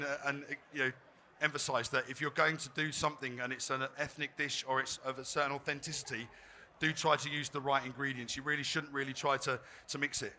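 Bright chatty chef at a demo. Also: male voice, mid-range voice, a little hiss or hum. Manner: chatty, joking, self-deprecating. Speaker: chef giving a cooking demonstration. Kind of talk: live cooking demo talk. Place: trade fair demo stage.

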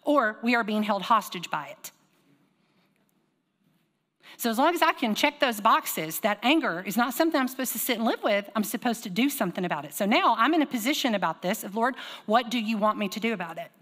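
A woman pastor preaching a sermon, telling stories with lively call-and-response. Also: fairly high pitch, a little fast, big-room sound. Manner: animated storytelling with call-and-response. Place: church sanctuary.

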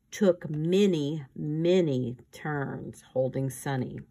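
Slow, low-voiced woman reading aloud. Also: a little mellow. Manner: reads all parts, voices shifting between characters. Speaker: reader. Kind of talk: audiobook reading.

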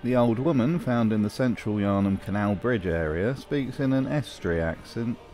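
A man's voice: on the low side, normal speed, dark tone. A man giving wry, scripted commentary on a video game. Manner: dry, wry. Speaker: video essayist.

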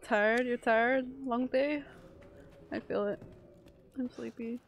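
A woman's voice: a little high, steady tone, slow, slight background noise. A woman streamer giving chatty live commentary while she plays, swearing and panicking in frantic bursts.

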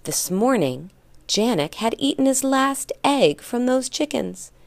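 A woman reading a children's story aloud for a lesson, slow and deliberate. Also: a little high, sing-song, gravelly, background noise. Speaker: story reader.

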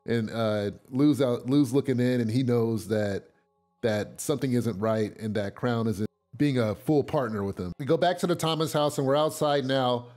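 At a normal speed and medium pitch, a man goes over a TV episode in a casual, talkative way. Fillers and false starts run through his recap, and he turns loud and excited at the key scenes.

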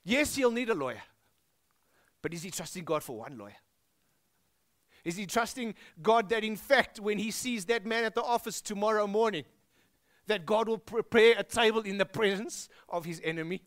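A South African pastor preaching a sermon, animated and emphatic, dropping his voice low on key words. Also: moderate pace.

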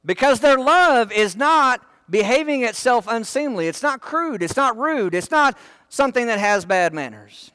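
High-voiced bright folksy preacher man. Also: expressive, unhurried, clean tone, dry recording. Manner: folksy, joking asides. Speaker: pastor. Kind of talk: sermon. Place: church.

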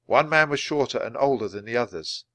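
Brief: clear male audiobook reader, animated delivery, dry close recording. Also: medium pitch, fairly quick, no echo. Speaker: storybook reader. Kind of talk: audiobook narration for language learners.

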